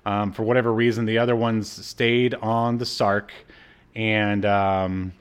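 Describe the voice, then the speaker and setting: A man's voice: on the low side, level tone, unhurried, smooth. A man co-hosting a podcast, casually recapping a cartoon episode with jokes and lots of fillers. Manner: laid-back, joking, many fillers. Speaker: podcast co-host.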